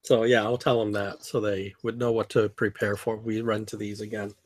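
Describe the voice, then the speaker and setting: A man at a tabletop role-playing session describes his character's actions plainly. His voice has a husky, slightly breathy edge. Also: lowish voice, flat delivery, a little fast. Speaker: player. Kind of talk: tabletop game play.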